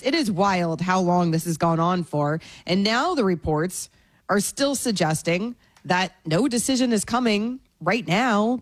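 A woman co-hosting a sports talk radio show while sick, with a hoarse, raspy voice and a wry, animated delivery. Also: mid-range voice, no room sound. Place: radio studio.

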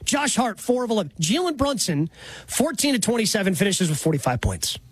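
A man's voice: high-pitched, very animated, a little fast, breathy edge, no room sound. A man hosting a sports radio show, reading stats and bringing on callers. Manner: reads stats and phone numbers, introduces callers.

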